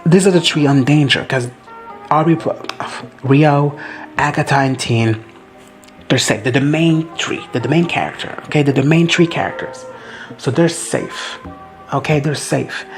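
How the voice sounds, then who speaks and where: A man giving a casual reaction recap of a TV episode, gushing, swearing freely and briefly acting out characters in quick high voices. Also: faint music behind. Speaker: reaction vlogger.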